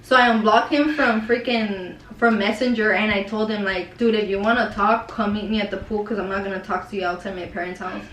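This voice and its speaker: A woman's voice: medium pitch, fairly even intonation, a little fast, hardly any pauses, fairly bright tone. Chatty young woman, roomy distant sound. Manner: casual and profane, heavy use of "like" and "dude". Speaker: vlogger. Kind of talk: casual storytime. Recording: roomy echo, a bit far from the mic.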